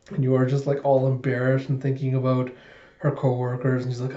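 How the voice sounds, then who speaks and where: Brief: mellow-voiced guy recapping a comic, dull lo-fi echoey audio. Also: mid-range voice, fairly quick. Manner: animated retelling, many "he's like". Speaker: manga reviewer. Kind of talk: casual chapter recap.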